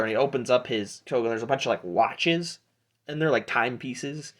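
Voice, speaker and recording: A man narrating as game master in a tabletop game, halting with restarts as he looks through his notes. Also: mid-range voice. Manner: halting, many fillers and restarts.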